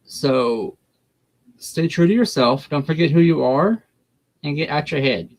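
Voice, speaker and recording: A man's voice: a little high, animated, measured pace, low-quality recording. A man, a guest tarot reader talking in a folksy, blunt way. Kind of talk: casual chat during a tarot reading.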